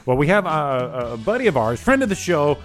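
A man's voice: fairly high pitch, very animated, quick pace, soft background music. A man co-hosting a morning show, chatting casually in a jokey, rambling way with lots of fillers. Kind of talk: casual radio banter.

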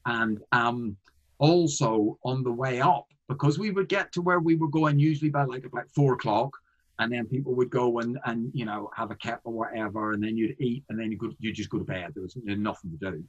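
Comedian guy chatting as a guest, rambles and restarts a lot, mid-pitched. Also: a little fast, lo-fi sound. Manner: rambling, frequent restarts and fillers. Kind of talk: casual interview storytelling.

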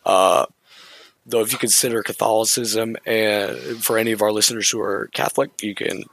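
A man's voice: fairly low pitch, moderate pace, vocal fry, fairly bright tone, dry recording, rough recording. A man co-hosting a casual Bible study podcast, talking things over and reading scripture aloud with shifting inflection. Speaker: podcast co-host.

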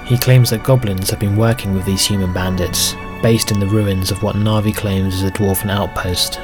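Flat, low-voiced male storyteller. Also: moderate pace. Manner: steady, even storytelling. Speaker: game master and narrator. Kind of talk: scripted narration of a solo tabletop game. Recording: music bed under narration.

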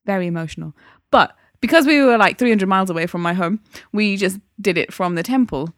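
A woman's voice: medium pitch, fairly quick, no echo, clean studio sound. A woman, co-hosting a podcast and telling stories with feeling. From England. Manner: chatty, emotional storytelling. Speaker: podcast co-host. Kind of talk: casual chat.

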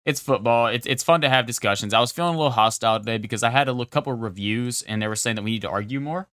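A young man co-hosting a sports podcast, talking fast and opinionated in a casual chat. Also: medium pitch, a bit bright, dry recording, clean studio sound. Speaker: podcast co-host.

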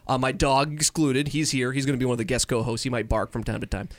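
A man's voice: mid-range voice, little pitch movement, quick pace, dry recording. A young man co-hosting a casual podcast on a headset, upbeat and joking, rambling with restarts. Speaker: podcast co-host.

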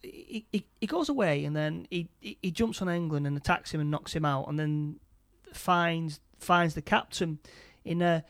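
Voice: mid-range voice, moderate pace, few pauses, fairly bright tone. A speaker casually retelling a film's plot scene by scene, stumbling over and repeating words. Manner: stammering, repeats words often.

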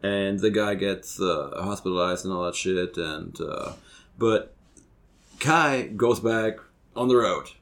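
Low-voiced man rambling through a story. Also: fairly bright tone. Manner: rambling storyteller, halting restarts. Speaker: podcast co-host. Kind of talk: casual podcast chat.

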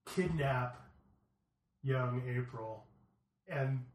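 A man's voice: medium pitch, extremely slow. A man chatting casually on a podcast, rambling, restarting and telling stories. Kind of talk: casual chat. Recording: roomy echo, faint noise.

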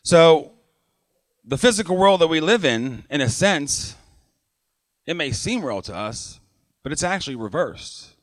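A man's voice: a little high, very animated, measured pace, long pauses, no room sound. A man preaching a sermon to his church congregation in a conversational way, often checking in with "right?" and using fillers. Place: church sanctuary.

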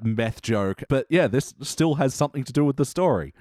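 A man's voice: medium pitch, moderate pace, no echo, studio quality. A man hosting a casual podcast chat, asking the panel questions and leading the talk. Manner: animated, leads the questions. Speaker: podcast host.

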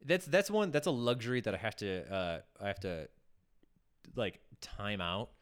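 A man's voice: lowish voice, normal speed. A man hosting a casual chat, rambling through filler words, swearing and laughing often. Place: near Pasadena.

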